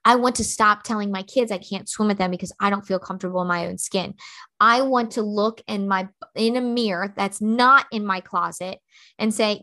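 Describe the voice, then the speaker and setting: A woman in her thirties hosts a motivational podcast in a fairly high, pushed, bright voice. She talks bluntly and with heavy emphasis, using lots of filler words.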